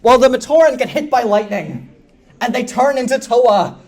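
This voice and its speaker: A man speaking at a convention panel, enthusiastically explaining a story's lore with quick jokes. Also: extremely high pitch, animated, a little mellow. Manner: fast, enthusiastic, self-deprecating jokes. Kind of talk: energetic lore explainer talk.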